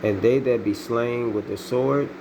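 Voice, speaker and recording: A man's voice: mid-range voice, fairly even intonation, unhurried, noisy background. A man reading scripture aloud and preaching on it, filling his talk with repeated "man, all right?" tags. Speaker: bible teacher.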